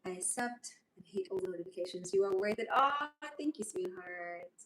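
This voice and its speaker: A woman's voice: on the low side, fairly even intonation, fairly quick, darkish tone. A woman chatting on a livestream, rambling and emotional. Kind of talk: casual livestream chat reading comments. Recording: voice a bit far from mic, faint noise.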